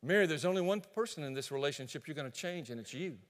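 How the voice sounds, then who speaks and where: A male pastor preaching a sermon in an animated storytelling way, addressing listeners directly. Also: on the high side, fast, long reverb tail.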